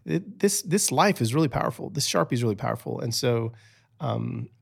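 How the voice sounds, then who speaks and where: A man who is a podcast guest, telling stories in a chatty, animated way with many restarts. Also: medium pitch, a little fast, gravelly, husky. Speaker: podcast guest, author and speaker. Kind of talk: casual storytelling interview.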